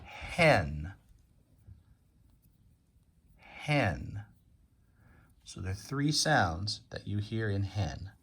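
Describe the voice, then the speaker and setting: A man's voice: lowish voice, animated, a little slow, creaky, hardly any pauses, fairly bright tone, breathy edge. A man teaching a phonics lesson to young children, patiently sounding out and repeating words.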